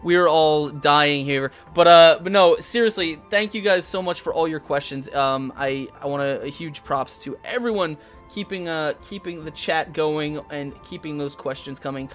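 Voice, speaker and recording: A man's voice: a little high, moderate pace, a bit bright, soft background music. A man hosting a live tabletop chat stream as the dungeon master, talking in rambling bursts with many restarts.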